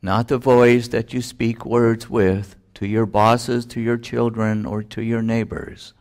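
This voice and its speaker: A man giving a solemn spiritual talk, with deliberate phrasing and long pauses. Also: medium pitch, level tone, a little mellow. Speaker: spiritual teacher.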